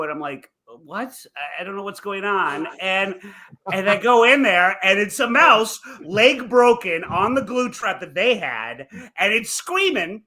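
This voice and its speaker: A young adult man co-hosting a podcast, telling crude stories in casual comedic chat, animated and laughing as he goes. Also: high-pitched, slow pace. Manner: animated, swearing storyteller who laughs through his tales. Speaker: podcast co-host.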